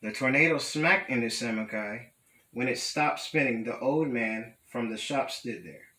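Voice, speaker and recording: A young male student reading a children's picture book aloud at a steady, careful pace. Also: mid-range voice, a little slow, roomy sound, low-quality recording. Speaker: student storyteller.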